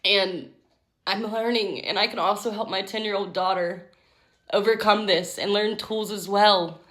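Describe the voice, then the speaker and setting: A woman's voice: medium pitch, steady tone, measured pace, a bit bright. A woman in her thirties talking candidly and emotionally to camera in a personal vlog. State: tearful at times. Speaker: vlogger.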